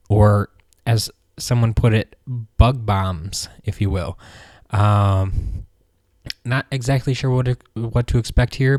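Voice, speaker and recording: Man, news host, low voice, mellow tone, dry close sound, casual and rambling. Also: no echo. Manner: relaxed, rambling with many ums. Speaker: host of a fan news show.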